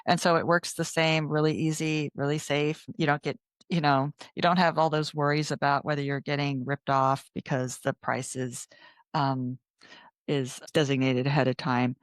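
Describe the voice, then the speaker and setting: A woman's voice: deep voice, level tone, moderate pace, no echo, studio quality. A woman who is a travel author, chatting in an interview and often restarting her words. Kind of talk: casual interview chat.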